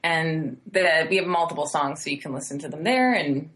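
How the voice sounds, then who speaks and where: A woman's voice: low voice, lively intonation, normal speed, fairly bright tone, slight background noise. A woman co-hosting a talk radio show, supportive and reassuring, giving short affirming replies. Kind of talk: casual talk-radio chat.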